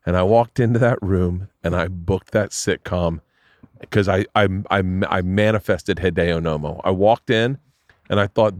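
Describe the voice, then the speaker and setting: A man hosting a podcast, telling long animated stories in casual chat, swearing freely. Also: low-pitched, normal speed, no room sound, clean studio sound. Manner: animated, profane storyteller doing voices. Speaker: podcast host.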